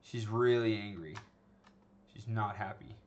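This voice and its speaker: Over a muffled recording with slight hiss or hum, a man with a fairly low voice teaches animation at a measured pace. His screen-recorded lesson is loose and casual, full of "okay?" and "right?" check-ins and restarted sentences.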